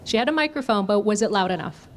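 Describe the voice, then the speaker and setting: A woman running a communication workshop speaks fast in a medium-pitched voice with lively intonation, against slight background noise. As the trainer, she teaches interactively, asking the audience questions and demonstrating voice techniques.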